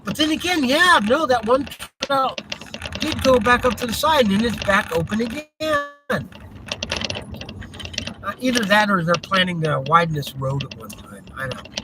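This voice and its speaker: A man's voice: high-pitched, lively intonation, moderate pace. A man hosting a live driving vlog, rambling and chuckling as he thinks aloud from inside a moving car. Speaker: vlog host. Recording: road noise from a car.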